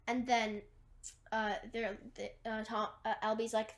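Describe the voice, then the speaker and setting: A woman's voice: fairly high pitch, level tone, moderate pace. A woman casually retelling a movie plot, rambling through long chains of "and then" and fillers, with wry asides. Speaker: movie recapper.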